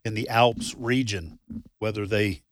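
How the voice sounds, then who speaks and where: A man's voice: lowish voice, measured pace, fairly bright tone, dry recording. Easygoing guy on a radio show, laughs a lot, rambles a bit, dry studio mic. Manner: laughs easily, rambling with restarts. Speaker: radio co-host. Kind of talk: casual live radio chat.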